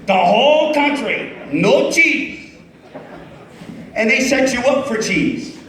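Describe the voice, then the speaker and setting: A man's voice: extremely high pitch, expressive, takes it slowly, fairly bright tone. A man in his fifties performing a stand-up comedy set on a club stage, chatting with the crowd and poking fun at himself. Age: 50s. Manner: chatty crowd work, self-mocking. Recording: echoey club room, voice off-mic.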